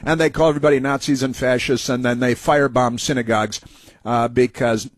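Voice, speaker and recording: A man's voice: mid-range voice, steady tone, a little fast, dry recording. A man hosting a talk show, giving mocking, sarcastic political commentary over played clips. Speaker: radio talk show host.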